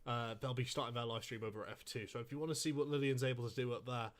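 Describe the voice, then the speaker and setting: A man co-commentating a sim racing stream, excitable and joking in casual banter. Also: medium pitch, rapid-fire. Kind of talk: casual esports race commentary.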